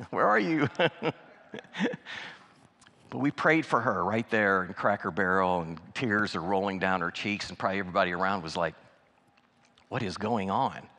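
Man preaching in an echoing church. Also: low-pitched. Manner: animated, acts out dialogue. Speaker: guest speaker. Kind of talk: sermon storytelling. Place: church sanctuary. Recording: long church hall reverb.

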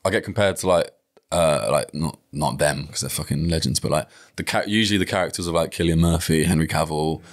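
Low-voiced man rambling as a podcast guest. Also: brisk, few pauses. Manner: rambling, swears freely, many filler likes. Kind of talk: casual podcast chat.

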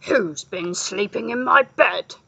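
A woman voicing a big father bear in a storybook reading, with a loud, growling delivery. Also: mid-range voice, expressive, takes it slowly, gravelly, breathy edge, dry recording, heavily acted. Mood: gruff.

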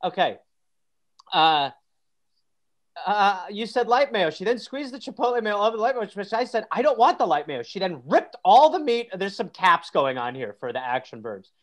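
A man's voice: high-pitched, expressive, moderate pace, a bit bright. A man hosting a comedy podcast, chatting and reading letters aloud in mocking voices. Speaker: podcast host.

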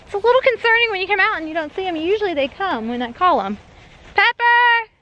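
A woman's voice: very high-pitched, big pitch swings, racing, highs cut off, slight background noise. A woman with a Southern US accent vlogging outdoors on her farm, chatty and out of breath from walking. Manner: chatty, calling out loudly for animals. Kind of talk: casual vlog walking the farm.

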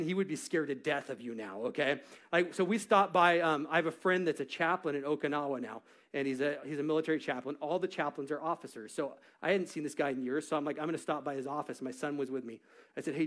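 A middle-aged man preaching a sermon in church, acting out quotes and swinging from loud to hushed. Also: on the high side. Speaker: pastor. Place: church stage.

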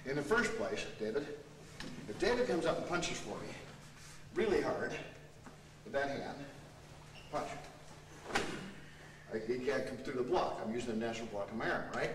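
At a seminar in a training hall, a man with a medium-pitched, animated voice demonstrates martial arts technique and coaches students, speaking at a moderate pace with frequent pauses. The camera mic captures him from afar, so the audio is echoey and noisy.

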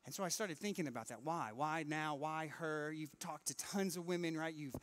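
A man preaching a sermon in church, lively and acting out the people in his stories. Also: fairly high pitch, normal speed, noisy background. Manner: animated, acts out quoted voices. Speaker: pastor.

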